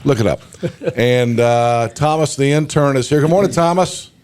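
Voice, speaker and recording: A male morning radio host, hoarse from a cold, chatting casually and rambling with many fillers. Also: mid-range voice, moderate pace, darkish tone. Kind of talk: casual morning show banter.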